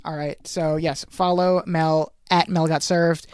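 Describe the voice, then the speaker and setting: A man's voice: on the high side, flat delivery, unhurried, clean tone. A man with a Long Island accent co-hosting a casual podcast, rambling and often correcting himself mid-sentence. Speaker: podcast co-host.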